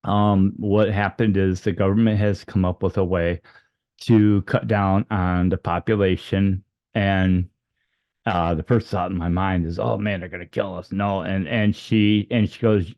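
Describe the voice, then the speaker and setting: A man's voice: steady tone, unhurried, no echo, dull audio. A man telling a personal story off the cuff, rambling with many fillers and restarts and acting out the quoted dialogue. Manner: acts out the dialogue with raised pitch for quoted lines. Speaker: storyteller recounting a near-death experience.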